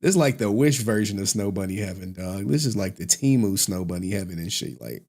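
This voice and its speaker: A male streamer riffs in loose, slangy commentary, breaking into laughs often. His pitch leaps widely between lines. It feels like an unscripted late-night chat. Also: sing-song, brisk, darkish tone. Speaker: livestream host.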